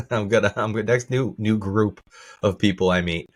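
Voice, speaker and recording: A podcast co-host chats casually in a fairly low voice at a normal speed, captured in a dry recording. He rambles, restarting sentences and repeating words as he begins them.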